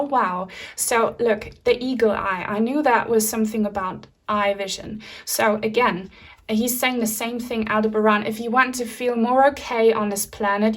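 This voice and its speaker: Soothing higher-voiced woman reading tarot. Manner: soothing, reassuring, spiritual tone. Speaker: tarot reader. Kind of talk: pick-a-card tarot reading.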